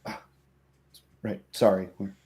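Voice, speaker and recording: A man's voice: takes it slowly, a little mellow. A man narrating as game master of a tabletop game, easygoing and descriptive.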